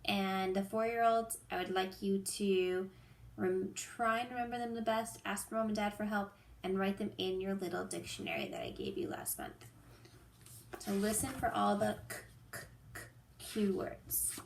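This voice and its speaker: A woman teaching preschoolers a letter lesson and reading them a story, giving slow, patient instructions. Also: mid-range voice, animated, vocal fry, echoey room, slight background noise. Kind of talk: lesson and story read-aloud for young children.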